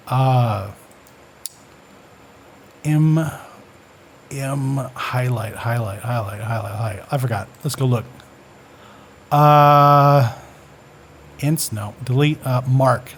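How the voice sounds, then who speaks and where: A man's voice: mid-range voice, a little hiss or hum. Casual man thinking aloud through code. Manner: relaxed, thinking aloud with many fillers and self-corrections. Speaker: coding tutorial host. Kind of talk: casual screen-recorded coding lesson.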